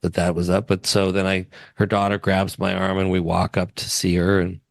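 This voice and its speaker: A man's voice: sits low, monotone, moderate pace, vocal fry, no echo. A man who works as a wealth advisor, chatting in an interview and telling stories with easy laughs. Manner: chatty storyteller, laughs easily. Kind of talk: casual interview chat.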